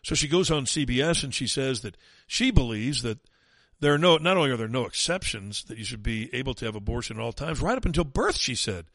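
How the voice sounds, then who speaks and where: A man's voice: mid-range voice, lively intonation, a little fast, a bit bright, dry recording. A man hosting a talk radio show, delivering an opinionated, mocking and emphatic monologue.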